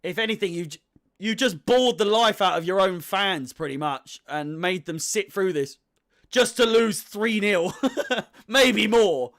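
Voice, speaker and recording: A man's voice: high-pitched, unhurried, a bit bright. A young man giving casual live commentary on a football match as a fan, swearing freely and sounding exasperated.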